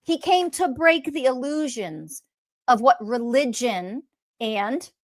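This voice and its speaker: A woman's voice: fairly high pitch, takes it slowly. Profane, heated woman podcast host. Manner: blunt, profane and heated, swinging between loud outbursts and quiet calm. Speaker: podcast host and spiritual teacher. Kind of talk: impassioned podcast rant.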